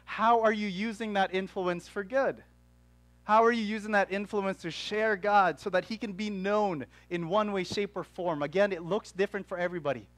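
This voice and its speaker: A young man preaching from the pulpit, his voice sitting high for a man. He tells his story in an animated way, tossing in quick asides. The sound is dry and close. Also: dry recording. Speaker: pastor. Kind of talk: sermon. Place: church.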